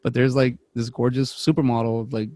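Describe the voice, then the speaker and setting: A man's voice: medium pitch, flat delivery, normal speed, warm tone, no room sound. A young man, co-host of a podcast, telling rambling stories in casual chat and acting out the voices of people he quotes. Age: young adult.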